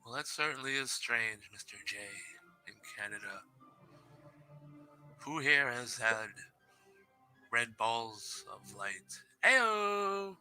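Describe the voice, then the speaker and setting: A man's voice: lowish voice, slow pace, long pauses, bright, forceful tone, faint music behind. A man hosting a live stream, chatting loosely and reading scary stories aloud into a headset mic, joking at his own expense. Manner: loose, chatty and self-deprecating, laughs often. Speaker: live show host.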